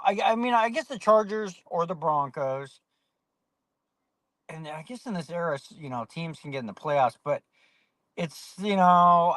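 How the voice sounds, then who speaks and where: Male podcast host, casual and rambling, higher voice, dry sound. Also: a bit bright, no room sound. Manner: rambling, many fillers and restarts. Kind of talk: casual sports podcast chat.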